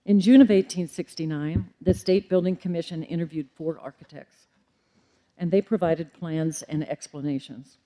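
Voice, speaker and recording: A middle-aged woman, a librarian, giving a formal public lecture in a measured way with occasional ums and self-corrections. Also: on the low side, steady tone, warm tone.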